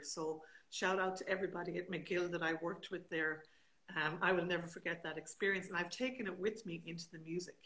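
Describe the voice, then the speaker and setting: A middle-aged woman with an Irish accent, a guest chatting on a video call, an exuberant, animated storyteller. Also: fairly low pitch, low-quality recording. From Ireland. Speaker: guest singer-songwriter. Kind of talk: casual chat on a livestream.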